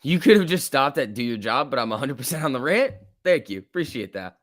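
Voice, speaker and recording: A man at a middle pitch hosts a casual stock-market livestream, reading viewer chat and ranting bluntly with plenty of filler words. His voice sounds dry and close, with no room echo. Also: very animated, fairly quick.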